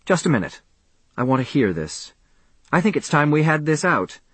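A man doing a pompous, blustering professor for an audiobook, scolding in a pitched-up, louder voice. The voice is husky and dry, with lively swings in pitch. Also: normal speed, no room sound, full character voice. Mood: indignant. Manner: blustering, indignant, raised voice. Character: pompous irate male professor.

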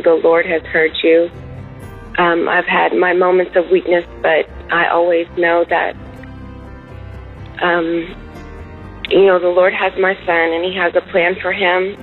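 Earnest woman from Texas, flat and gravelly. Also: fairly low pitch. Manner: heartfelt, earnest. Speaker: caller, mother. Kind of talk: phoned-in thanks. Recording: tinny phone line, faint music.

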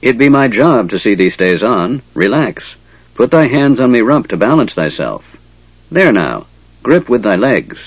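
Male narrator voicing a blunt, gruff centaur of a fantasy audiobook; husky, dull dry sound. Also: mid-range voice, very animated, measured pace, no echo, exaggerated voice. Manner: gruff, old-fashioned thee and thy speech.

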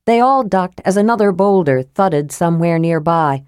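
Low-voiced woman narrating a fantasy. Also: expressive, moderate pace, few pauses, darkish tone, clear, resonant tone, no echo, clean studio sound. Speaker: audiobook narrator.

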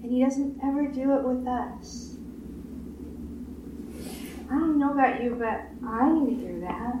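Higher-voiced woman preaching in an echoey room. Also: unhurried, lo-fi sound. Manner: repetitive emphatic preaching, acts out quoted voices. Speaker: pastor. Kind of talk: sermon. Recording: roomy echo, distant mic, faint hiss.

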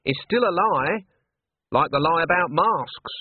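A man's voice: a little high, animated, a little slow, breathy edge, no room sound, voice pushed up. Granny, a stern old witch voiced by a man. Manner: clipped, blunt and commanding. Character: stern, sharp-tongued old witch woman. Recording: dry, narrow lo-fi band.

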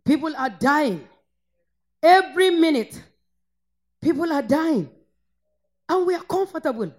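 A woman from northern Nigeria, preaching a fervent sermon that swings between shouted praise and low, intense rebuke. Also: lively intonation, a little slow.

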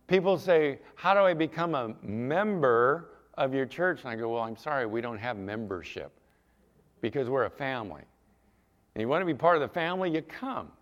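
A man's voice: a little high, dull audio. A man preaching a sermon as pastor, talking conversationally and putting questions to the congregation.

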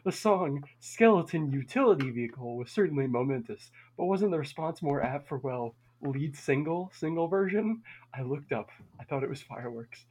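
A man with a somewhat high voice reads his own review as if it were a grand short story. He leans into every ornate phrase with dramatic, overwrought delivery, then drops back into plain banter with his co-host. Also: a little mellow, breathy edge. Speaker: podcast co-host. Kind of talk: reading a mock-literary review aloud.

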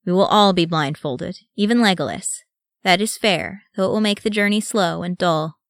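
Lady doing a chill steady leader guy, firm, lowish voice, dry mic. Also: normal speed, dry recording, lightly acted. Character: calm male human leader, steady.

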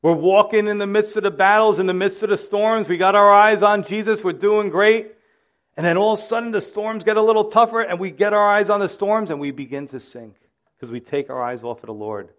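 A man's voice: high voice, a little fast, a bit bright, highs cut off. A male pastor delivering a sermon, with impassioned preaching that swells and drops in volume.

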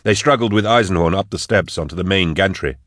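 A man narrating a story in a steady, measured reading. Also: deep voice, no echo, clean studio sound. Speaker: audiobook narrator. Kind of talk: scripted narration.

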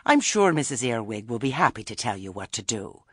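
A man's voice: medium pitch, very animated, a little fast, a bit bright, husky, no echo, studio quality. A man doing a hearty, sly old witch woman. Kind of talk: audiobook character reading.

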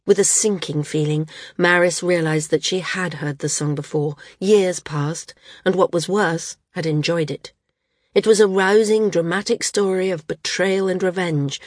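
A woman narrating a novel audiobook in a steady storytelling manner. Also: deep voice, dry recording, studio quality. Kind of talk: scripted narration.

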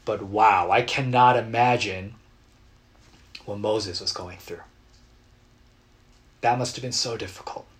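A man preaching a sermon as a pastor, earnest and dramatic, acting out quotes with bursts of loud emotion. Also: lowish voice, steady tone, takes it slowly, pauses often. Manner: earnest, dramatic retellings with sudden loud outbursts.

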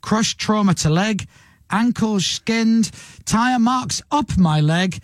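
A man hosts a radio show from a studio, chatting in a playful, lively way. His voice sits fairly high and swings widely in pitch. The studio sound is close and dry. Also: takes it slowly, no echo. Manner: playful, drops into a deep mock voiceover voice. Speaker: radio host. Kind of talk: casual radio chat.

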